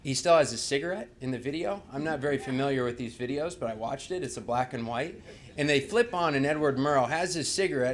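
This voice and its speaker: A man walks an audience through his slides in an easy, conversational way, with a voice of ordinary pitch for a man. He often turns to the room with rhetorical questions. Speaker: presenter. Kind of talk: slide presentation talk.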